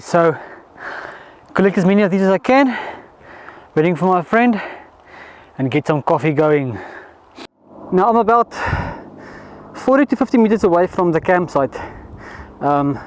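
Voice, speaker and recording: A man's voice: high voice, lively intonation, normal speed, long pauses, rough recording. A man, vlogging outdoors at a bush campsite, talking loosely with fillers and restarts. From South Africa. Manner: rambling, many fillers and restarts. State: out of breath. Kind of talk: casual camping vlog. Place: outdoors in bushveld at dusk.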